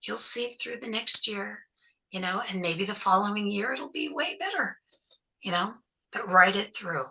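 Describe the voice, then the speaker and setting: Woman, interview guest, bright forceful tone, mid pitch, emphatic, encouraging. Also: lively intonation, moderate pace, low-quality recording. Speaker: guest, trauma survivor and activist. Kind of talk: conversational interview advice.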